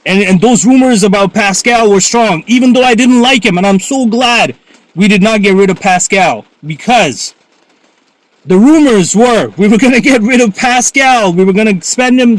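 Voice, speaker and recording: A man talks basketball to his viewers in a casual, animated way, breaking into laughter often. His voice sits high for a man. The recording is dry and close, with no room sound. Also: normal speed, dry recording. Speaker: sports vlogger. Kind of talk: casual basketball commentary vlog.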